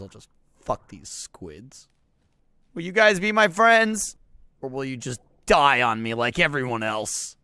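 A young man narrates his game as a mock tragedy, his pitch leaping up and down as he wails, then drops to gloomy mutters. He talks at an unhurried, drawn-out pace. His voice sounds close and dry. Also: smooth, no room sound. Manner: melodramatic mock grief, swinging between shouts and mutters; swears freely. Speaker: let's play gamer. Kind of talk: comedic gameplay commentary.

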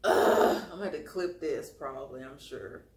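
A woman's voice: extremely low pitch, moderate pace, roomy sound. A woman vlogger telling a personal story in a casual, rambling way, often repeating her phrases and using colloquial grammar.

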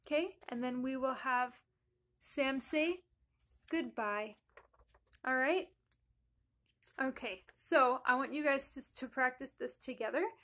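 A woman teaching a young class, reading a picture book aloud in a slow, sing-song, encouraging way with emphatic greetings. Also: high-pitched, bright, forceful tone. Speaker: elementary school teacher.

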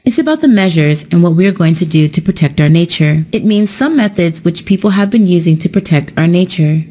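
A young adult woman teaching an English lesson in a slow, careful, explanatory way, scripted narration. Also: lowish voice, dark tone.

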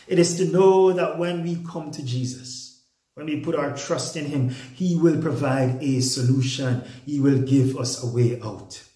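A man preaching a sermon as pastor, slow and deliberate with emphatic repetition, recorded in a church. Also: mid-range voice, dark tone. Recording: echoey room.

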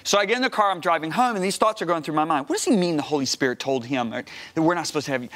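A man in his sixties, a guest preacher on a television studio set, telling a story in an emphatic way that climbs to high, excited outbursts. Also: very fast, few pauses. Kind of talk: animated storytelling on a talk show.

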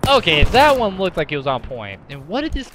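A man giving casual gameplay commentary in an excitable way, breaking into exasperated outbursts. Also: sits high, a little fast, noisy background. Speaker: gaming commentator. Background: game music and sounds.

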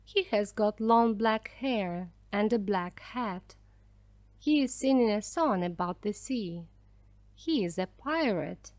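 Woman narrator, storybook for learners, slow and careful, lively pitch, dry close sound. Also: no echo. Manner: slow, clear, careful reading. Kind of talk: scripted narration for language learners.

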